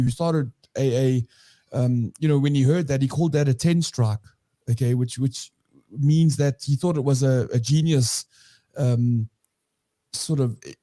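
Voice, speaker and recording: Co-hosting a recovery podcast, a man with a medium-pitched, dark-toned voice chats casually about recovery. He rambles conversationally and keeps correcting himself.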